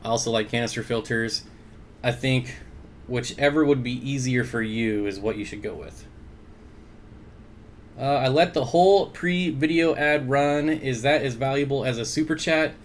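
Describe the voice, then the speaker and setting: A man's voice: medium pitch, normal speed, a little hiss or hum. A man hosting an aquarium livestream in easygoing, casual chat. He reads viewer comments aloud, greets people by name and chuckles often.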